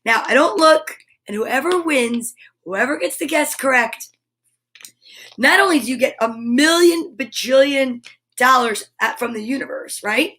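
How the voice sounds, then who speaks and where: Woman, high voice, bubbly, exclamatory, live-stream host chatting with viewers. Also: animated, measured pace, a bit bright. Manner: bubbly, exclamatory, reads viewer comments aloud.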